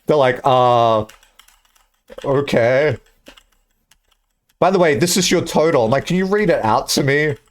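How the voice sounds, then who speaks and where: A young man chatting casually on a live stream, rambling and joking with bursts of excitement. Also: mid-range voice, measured pace, long pauses.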